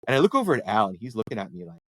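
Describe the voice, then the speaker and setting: A man's voice: on the low side, sing-song, rapid-fire, a bit bright, dry recording, rough recording. A middle-aged man, a local councillor, telling anecdotes in casual chat and jumping into voices when he quotes people. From Canada. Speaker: ward councillor, podcast guest.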